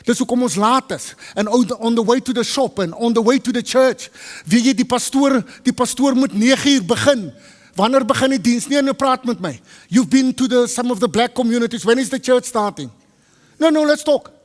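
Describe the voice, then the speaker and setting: A man preaching to a congregation, lively and teasing, switching between English and Afrikaans and quizzing his listeners. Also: very high voice, fairly quick. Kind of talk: teaching sermon to a congregation. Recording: long hall reverb.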